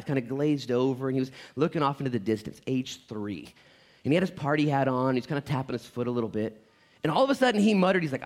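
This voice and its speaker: A man in his thirties preaching a conversational sermon as a pastor, animated and joking, telling stories and often repeating words as he goes. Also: medium pitch.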